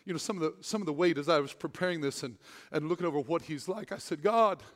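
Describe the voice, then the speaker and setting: A man with a high voice preaching a sermon in a church hall, where a long reverb trails after his words. He moves between loud, fervent stretches and soft, intimate ones. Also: quick pace. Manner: swings from loud excited preaching to hushed tender speech. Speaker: pastor.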